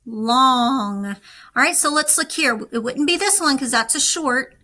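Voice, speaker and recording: A woman teaching a recorded lesson, speaking slowly and deliberately to young students. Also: high-pitched, pushed and bright, a little hiss or hum, rough recording. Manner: slow, deliberate, instructive.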